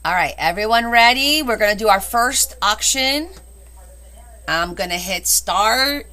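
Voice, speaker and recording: Selling scrapbooks in a live online auction, a cheerful host with a mid-range, crisp, bright voice announces bids, laughing between them. She's animated yet unhurried, chatting in a friendly way into a phone recording.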